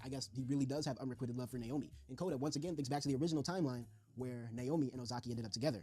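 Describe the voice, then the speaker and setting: A young man streaming, retelling a story in a slangy, excitable way and laughing along. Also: mid-range voice, racing, breathy edge. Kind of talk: casual comic recap of a story.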